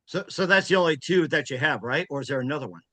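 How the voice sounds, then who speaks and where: A man's voice: a little high, animated, fast talker, sharp tone. A man from the United States hosting an interview, asking rambling questions with many fillers. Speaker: host.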